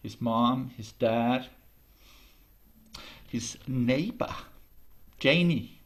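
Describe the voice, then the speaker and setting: Slow, deliberate male storyteller. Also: medium pitch. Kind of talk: oral storytelling.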